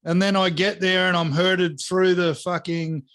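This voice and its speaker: Animated, swearing man. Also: high voice, measured pace. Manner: animated, profane storyteller acting out dialogue. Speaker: podcast co-host. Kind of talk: casual chat.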